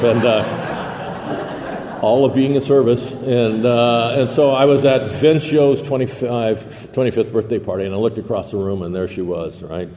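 A man's voice: fairly low pitch, mellow. Rambling older man in an echoey hall. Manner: rambling, full of fillers and restarts; self-deprecating humor. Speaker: recovery meeting speaker. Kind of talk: personal recovery share. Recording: echoey hall with faint noise.

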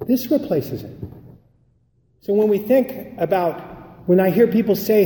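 A man's voice: sits high, big pitch swings, unhurried, long pauses, warm tone, a little hiss or hum. A man giving an emphatic recovery talk, telling stories and acting out the dialogue. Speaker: recovery speaker. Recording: echoey hall recording.

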